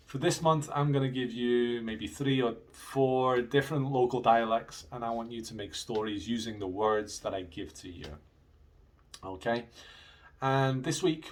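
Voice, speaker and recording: Upbeat teacher, slight Scottish accent. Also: male voice, medium pitch. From United Kingdom. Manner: upbeat, clear, speaks slowly for learners. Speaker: English teacher. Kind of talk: friendly video lesson to students.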